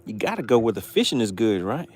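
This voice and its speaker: A man's voice: lowish voice, very animated, fast talker, a little mellow, a little hiss or hum. Georgia man hosting a fishing livestream. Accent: Southern US, Georgia. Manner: chatty, reads viewer comments aloud with amused asides. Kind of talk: casual livestream chat reading comments. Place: on a boat on a lake outdoors.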